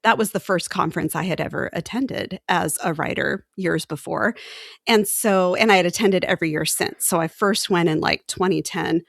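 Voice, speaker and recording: A woman co-hosting a podcast from home on a desk microphone, earnest and quick to laugh. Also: lowish voice, gravelly, no room sound, studio quality. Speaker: podcast co-host. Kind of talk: casual chat.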